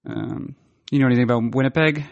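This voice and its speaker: A man's voice: medium pitch, quick pace, creaky, dull audio. A man hosting a podcast, chatting casually in a dry, mock-formal way. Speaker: podcast host. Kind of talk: casual podcast chat and read sponsor ad.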